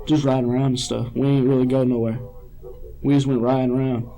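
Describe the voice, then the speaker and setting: A man's voice: medium pitch, little pitch movement, fast talker, gravelly, mellow, rough recording. A man being questioned by police, rambling and hesitant, often repeating himself. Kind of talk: police interrogation.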